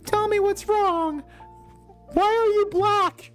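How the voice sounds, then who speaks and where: A man voicing an eager, worried young male fox sidekick in a squeaky falsetto, in a storybook reading. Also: fairly even intonation, slow pace, fairly bright tone, soft background music, heavily acted. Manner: earnest, plaintive.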